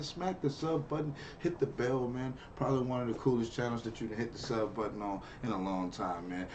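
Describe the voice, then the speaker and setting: A man's voice: medium pitch, noisy background. A man hosting a reaction video, chatting in a laid-back way and tacking "man" onto most lines. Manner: laid-back, says "man" constantly, laughs often. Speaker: reaction channel host. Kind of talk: casual reaction commentary.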